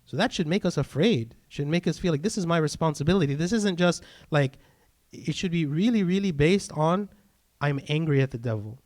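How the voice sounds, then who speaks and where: A man's voice: on the high side, lively intonation, moderate pace, darkish tone. A man, a priest, giving an earnest sermon and checking in often with "right?" and "okay?".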